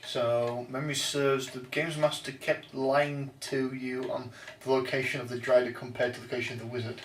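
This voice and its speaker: A man's voice: mid-range voice, flat delivery, normal speed, recorded from a distance. A man hosting a casual chat about tabletop games, often hesitating and restarting his sentences. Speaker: podcast host. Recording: roomy echo, off-mic, faint noise.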